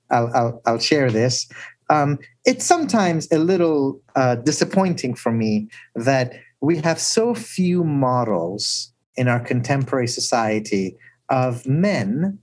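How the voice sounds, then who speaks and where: Husky, animated man telling stories. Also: on the high side, poor audio. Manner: animated storyteller who often asks "right?". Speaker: guest speaker. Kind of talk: storytelling talk.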